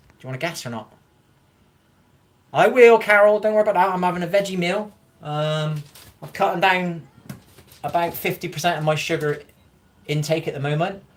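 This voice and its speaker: A man's voice: mid-range voice, a little hiss or hum. A man chatting casually on a livestream, answering viewer comments in a rambling, frank way, swearing freely and encouraging his viewers.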